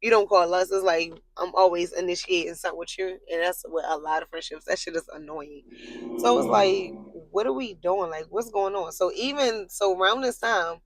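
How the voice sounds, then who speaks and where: A woman telling a long personal story straight to camera in a casual, rambling way, full of fillers and blunt swearing, getting animated when she's worked up. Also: normal speed, no echo, rough recording. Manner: animated, jumps high in pitch when worked up.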